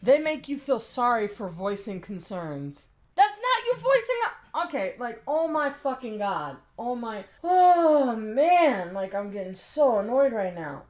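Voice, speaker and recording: Exasperated woman ranting, high voice. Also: very animated, unhurried, few pauses, darkish tone. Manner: blunt, exasperated, cussing. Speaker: commentary YouTuber. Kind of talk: ranting reaction commentary.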